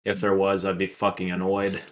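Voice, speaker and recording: A man's voice: low-pitched, completely flat delivery, a little fast. A man co-hosting a podcast, joking and telling rambling stories in casual chat, swearing freely. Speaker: podcast co-host.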